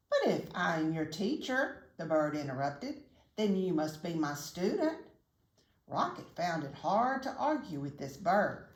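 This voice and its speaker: An older woman, a retired teacher, reads a children's story aloud gently and in a teacherly way, pausing to ask the listener questions. Her pitch is fairly low, and the recording has a roomy echo.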